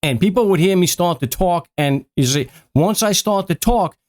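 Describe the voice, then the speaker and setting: A man's voice: high voice, lively intonation, moderate pace, a little mellow. A middle-aged man from Long Island with a strong Long Island New York accent, chatting to camera and often stumbling over and repeating his words. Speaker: genealogy video host. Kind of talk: casual chat to camera.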